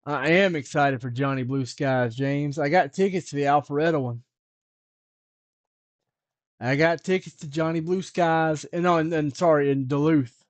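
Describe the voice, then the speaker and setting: A man hosting a live stream, rambling and joking with his viewers. His voice sits a bit high for a man. He sounds close and dry, with no room sound around him. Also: normal speed, no room sound. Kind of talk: casual chat on a live stream.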